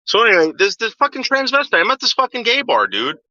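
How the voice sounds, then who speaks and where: A man's voice: high-pitched, huge pitch swings, fast, sharp tone, dry recording. A man telling a story from his past in a casual, profane way, acting out the voices of the people he quotes. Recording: dull lo-fi sound.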